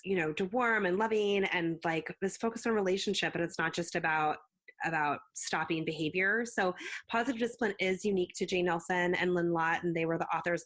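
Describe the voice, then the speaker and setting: Woman, low-pitched voice, earnest guest explaining, acts out quotes. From United States. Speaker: school psychologist and counselor, guest. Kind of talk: conversational interview answers.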